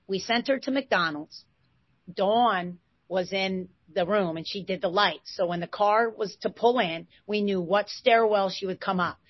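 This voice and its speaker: Woman in her 40s telling an excited story, dry dull-sounding mic, gets loud and fast in bursts. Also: mid-range voice, no echo. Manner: lively, excitable retelling with bursts of loudness. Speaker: interview guest, former basketball player. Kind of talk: animated storytelling.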